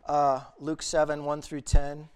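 A man's voice: fairly high pitch, monotone, a little slow, a little mellow, smooth. A young man preaching a sermon earnestly, retelling a parable and acting out the pleading voices of its characters.

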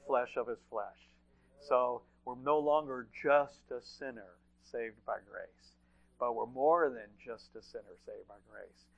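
A man's voice: medium pitch, lo-fi sound. A man preaching a sermon in a conversational way, often repeating phrases and checking in with "right?".

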